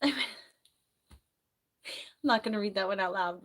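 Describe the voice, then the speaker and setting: A woman on a casual live stream, chatting and rambling in a soft voice. She has a sore throat and keeps clearing it. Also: medium pitch, steady tone, a little slow. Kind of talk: casual live-stream chat reading comments.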